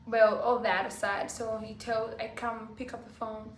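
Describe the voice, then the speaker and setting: A woman vlogger telling a personal story to camera, halting and full of fillers like "like" and "you know". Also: on the high side, level tone. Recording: roomy echo, faint background hiss.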